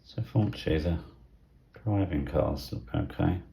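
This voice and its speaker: A middle-aged man from England giving casual hobby unboxing commentary, thinking aloud in a soft, half-whispered way with plenty of fillers. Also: low voice, moderate pace, creaky. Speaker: model railway vlogger.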